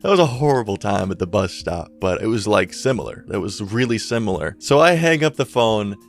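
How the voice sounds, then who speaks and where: A man's voice: on the low side, big pitch swings, fairly quick, vocal fry, soft background music. A young man telling a story in a casual, rambling way, full of slang and swearing. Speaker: YouTuber storyteller.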